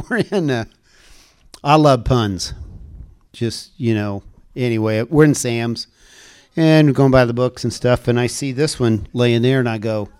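An older man with a smooth, clear, mid-range voice gives a casual testimony to a congregation. He rambles a bit and chuckles at his own jokes.

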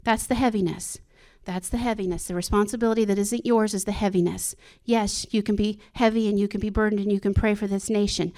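A woman's voice: mid-range voice, little pitch movement, fast, few pauses, dark tone. A woman speaking to her church in an informal sermon, earnest and personal, often breaking into laughs and restarting her sentences. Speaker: church speaker sharing a devotional.

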